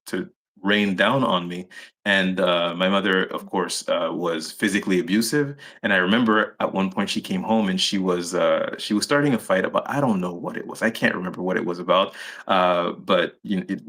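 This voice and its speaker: Guy w a lower voice telling his story on a live interview, lots of uh and restarts. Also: a bit bright. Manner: halting, many restarts and fillers. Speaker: interview guest.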